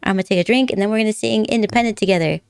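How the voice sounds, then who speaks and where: A young woman streams from home on a desk mic, her mid-range voice rapid-fire, gravelly, clear and resonant, with studio-quality sound and no echo. She chats with viewers in a giggly, rambling, slightly nervous way and slips into silly accents.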